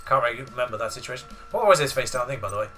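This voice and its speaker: A man talks casually through a card game, rambling as he explains the rules. His voice has a bright, forceful tone at an ordinary pitch. Quiet game music plays in the background. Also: expressive, racing. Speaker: let's play gamer. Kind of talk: casual gameplay commentary.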